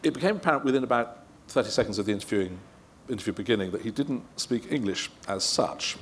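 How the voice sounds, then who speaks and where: A man's voice: on the low side, expressive, fast, a little hiss or hum. A middle-aged man telling anecdotes to a live audience, rambling and self-deprecating with frequent chuckles. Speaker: guest interviewer at a live event. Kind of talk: anecdotal talk answering audience questions.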